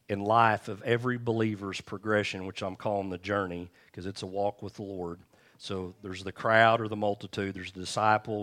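A man's voice: on the low side, a bit bright. A man pastor preaching a sermon in a church, telling a personal story in a conversational way before reading scripture.

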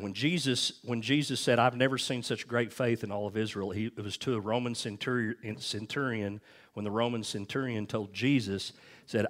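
A man preaching a sermon, telling personal stories and asking the congregation "amen?" and "okay?" as he goes. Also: mid-range voice. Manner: conversational preaching, frequent "amen?" and "okay?" asides, storytelling. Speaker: pastor.

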